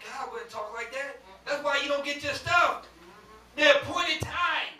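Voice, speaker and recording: A man preaching a sermon to a congregation that answers him, rising at times to shouts. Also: very high voice, a little slow. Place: church. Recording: echoey church, distant mic, faint hiss.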